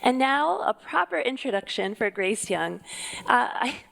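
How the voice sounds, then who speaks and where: A woman's voice: fairly high pitch, sing-song, measured pace, gravelly, a bit bright. A young woman, a museum food historian, hosting a live stage event before an audience, effusive and emotional, laughing often.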